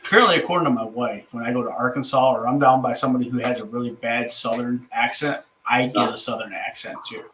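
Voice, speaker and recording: A man from Michigan in casual chat, musing out loud in a chatty way. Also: mid-range voice, fast talker, hardly any pauses. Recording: echoey room with faint background noise.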